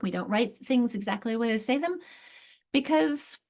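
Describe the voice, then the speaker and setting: A woman's voice: fairly high pitch, expressive, normal speed, a little mellow. A middle-aged woman giving an online workshop lecture on literacy, explaining with emphasis and frequent restarts. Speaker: literacy instructor.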